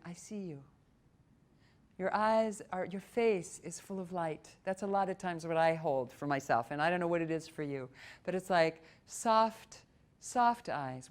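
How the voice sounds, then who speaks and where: A middle-aged woman with an Upper Midwest American accent gives a talk on group singing at a library. She speaks in an animated, expressive way and sometimes slips into short sung phrases. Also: mid-range voice. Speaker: voice coach and presenter. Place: public library meeting room.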